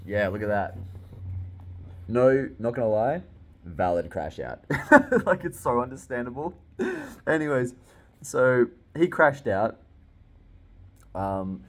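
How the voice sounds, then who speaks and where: A young man reviewing a manga chapter in casual reaction talk, excitable and swearing, often laughing. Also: lowish voice.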